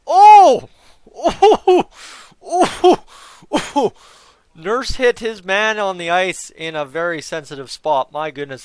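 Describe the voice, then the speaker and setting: A man hosting a live fan reaction stream, excitable and chatty, sometimes counting down the clock in an auctioneer patter. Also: on the high side, clear, resonant tone, dry recording.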